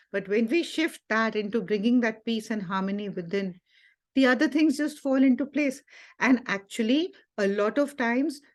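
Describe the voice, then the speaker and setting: A woman, a wellness teacher giving a Sunday talk, telling a personal story earnestly with many fillers. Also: fairly high pitch. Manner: earnest storytelling with frequent fillers and quoted dialogue.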